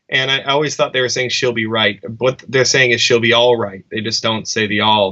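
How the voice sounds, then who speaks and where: A man's voice: mid-range voice, fairly even intonation, moderate pace, pushed and bright, muffled recording. A man, a musician, chatting casually in an interview, reflective and rambling with restarts. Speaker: musician guest.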